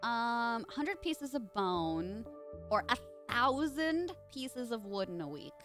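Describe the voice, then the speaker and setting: A woman's voice: fairly high pitch, very animated, slow pace, fairly bright tone, faint music behind. A young woman streaming a video game live, chatting casually in a playful, teasing way. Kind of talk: casual live gameplay chat.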